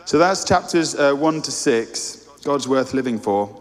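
A man's voice: medium pitch, animated, a little slow, hardly any pauses. Earnest male preacher in a reverberant hall. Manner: earnest, direct, addresses listeners as you. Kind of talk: sermon.

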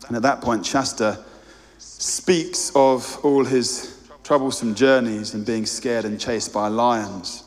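A man's voice: mid-range voice, steady tone, slow. A man preaching a sermon, earnest and direct, speaking straight to his listeners. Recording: long hall reverb.

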